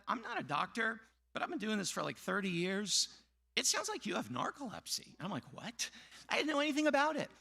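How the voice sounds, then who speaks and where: A middle-aged pastor with a notably high, bright voice delivers a sermon in a storytelling way. He slips into the voices of the people he quotes and sinks low and quiet when the story turns sad. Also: creaky. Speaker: preacher.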